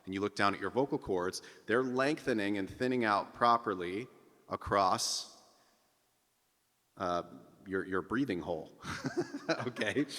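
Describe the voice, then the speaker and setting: Low-voiced male vocal coach, upbeat. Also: pushed and bright, big-room sound. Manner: upbeat, coaching, demonstrates nasal sung scales. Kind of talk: casual singing lesson with demonstrations.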